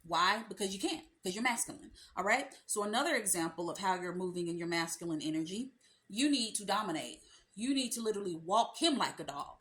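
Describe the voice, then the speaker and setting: A woman's voice: medium pitch, expressive, a little fast, fairly bright tone. Sassy woman dating coach talking to camera. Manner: sassy, emphatic, colloquial, addresses viewer as sis. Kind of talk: direct-to-camera advice talk.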